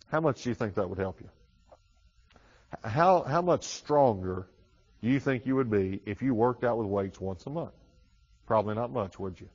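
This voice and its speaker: A man preaching a sermon in a conversational way, often repeating himself. His voice rises loud on key phrases and then drops low and quick. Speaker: pastor. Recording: dull reverberant hall recording.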